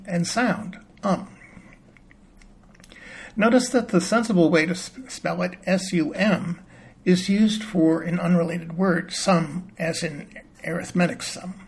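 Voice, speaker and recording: A man calmly explaining a word's spelling and pronunciation in a patient, plain-spoken teaching manner. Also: sits high, slightly rough. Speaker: reading teacher. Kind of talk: explanatory lesson.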